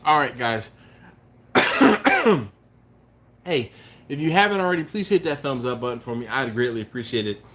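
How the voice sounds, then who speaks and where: A man hosting a barbecue live stream, chatting casually and reading viewer comments aloud, with a laid-back, chuckling manner and drawn-out exclamations. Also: medium pitch, expressive, fairly bright tone, a little hiss or hum. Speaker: barbecue channel host.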